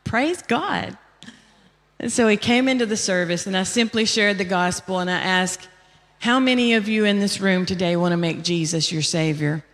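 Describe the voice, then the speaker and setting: American woman, conference preacher, mid pitch, emphatic storyteller, big reverberant hall. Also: brisk. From United States. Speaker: conference speaker. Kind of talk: storytelling sermon. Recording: long reverb of a large hall.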